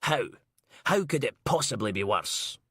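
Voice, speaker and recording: A man's voice: mid-range voice, big pitch swings, measured pace, fairly bright tone, slightly rough, no room sound, clean studio sound, exaggerated voice. A male narrator voicing a foul-mouthed, brash female detective inspector, sarcastic and ranting. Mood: furious.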